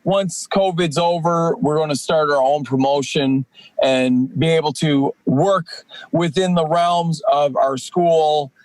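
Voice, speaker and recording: A man in his forties, a professional wrestler and podcast guest, talking at length in a rambling, energetic way with many fillers. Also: on the high side, slow, dry recording. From Canadian East Coast. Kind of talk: casual podcast chat.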